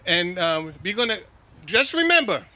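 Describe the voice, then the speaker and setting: A man's voice: high voice, big pitch swings, moderate pace, bright, forceful tone. A middle-aged man from New York City hosting a memorial gathering, joking and commanding as he invites people up. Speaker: master of ceremonies at a memorial.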